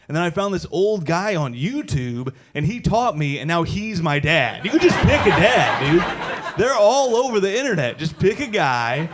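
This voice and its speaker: A man in his thirties doing a stand-up comedy set on a stage mic, loose and chatty, calling the crowd "dude" and breaking into loud shouted impressions. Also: on the high side, big pitch swings, moderate pace, slight background noise. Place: comedy show before a live audience.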